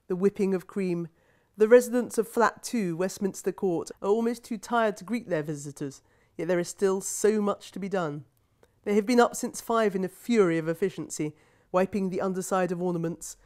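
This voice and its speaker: A woman novelist reading her own book aloud, measured and wry. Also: lowish voice, a little mellow.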